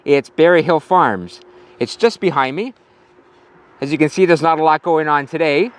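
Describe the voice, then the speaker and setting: A man's voice: a little high, normal speed. A male pastor giving a casual sermon outdoors at a farm, telling a story with some fillers.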